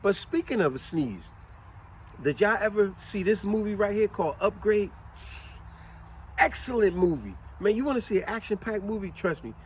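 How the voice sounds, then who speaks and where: A man hosting a casual vlog in an easygoing, explanatory way. His voice sits high and moves around a lot. He tells stories animatedly and acts out the quotes and sneezes. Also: lively intonation, normal speed, slight background noise. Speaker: vlog host.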